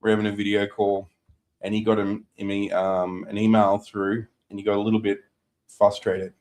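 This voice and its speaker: Man, fairly low voice, casual podcast storytelling, acts out quotes. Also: flat delivery, moderate pace, a little mellow. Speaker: business podcast co-host. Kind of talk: casual business chat, telling a client story.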